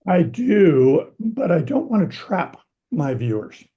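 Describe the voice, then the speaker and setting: A male host with a somewhat high but mellow voice. He speaks in a measured way, qualifying each point with care as he responds to his guest. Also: very animated. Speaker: channel host. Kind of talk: conversational interview.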